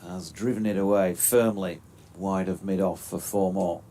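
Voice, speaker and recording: A man giving relaxed, chatty live cricket commentary with dry quips. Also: low-pitched, moderate pace, slight background noise.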